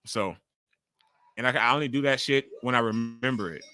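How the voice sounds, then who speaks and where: Host type: man in his forties, loud and chatty, bright, forceful tone, swears freely while reacting to wrestling live. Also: mid-range voice, moderate pace, smooth, no echo. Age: 40s. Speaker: livestream host. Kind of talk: casual live wrestling watch-along commentary.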